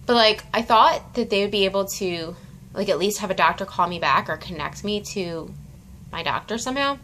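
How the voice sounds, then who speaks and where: A woman's voice: medium pitch, animated, brisk, fairly bright tone, slight background noise. A young woman talking casually in a home vlog at night, chatty with many fillers, tired and out of breath. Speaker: vlogger.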